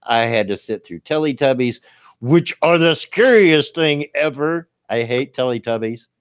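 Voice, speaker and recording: A man in his fifties co-hosting a casual chat, talking loudly and laughing often. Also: mid-range voice, unhurried, clear, resonant tone, no echo, clean studio sound. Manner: loud, big-mouthed, laughs often. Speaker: podcast co-host.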